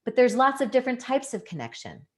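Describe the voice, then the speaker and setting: A woman's voice: on the high side, big pitch swings, fast. A woman giving an educational talk, explaining things earnestly and leaning on key words for emphasis. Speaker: presenter.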